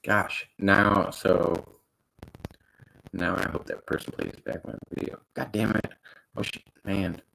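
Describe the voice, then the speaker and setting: A young man talks on his live stream in a loose, rambling, self-conscious way. His voice sits very low, with a heavy gravelly fry. The talk is casual and unscripted. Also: fairly even intonation, slow, fairly bright tone, slight background noise, poor audio.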